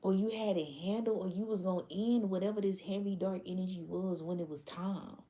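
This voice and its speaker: A woman's voice: medium pitch, fairly even intonation, brisk, warm tone. Profane, laughing woman tarot reader. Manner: blunt, profane, laughing, slangy. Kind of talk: casual tarot reading to viewers.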